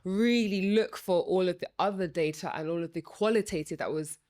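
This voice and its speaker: This woman, a former student now working in Parliament, speaks with a fairly low, darkish voice at a fairly quick clip. She stammers and talks passionately in a conversational podcast chat, often restarting and using filler sounds as she thinks aloud.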